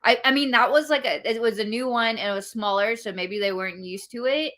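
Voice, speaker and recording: A woman's voice: a little high, a little fast, fairly bright tone. A woman hosting a casual chat, reacting with short supportive remarks and laughs. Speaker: host.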